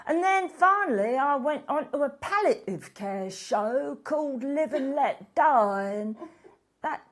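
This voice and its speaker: A woman doing a self-dramatizing middle-aged activist, earnest and rambling, as a comedy character. Her voice sits fairly high, and she drags her words out slowly. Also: animated. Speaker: guest in a comedy sketch.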